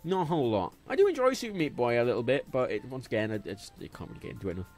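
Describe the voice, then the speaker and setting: Lively rambling young English man. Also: mid-range voice, rapid-fire. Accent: English with a faint Liverpool twinge. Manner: rambling, swears freely, jumps between topics. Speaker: livestreamer. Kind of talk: casual gaming livestream chat. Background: faint game music.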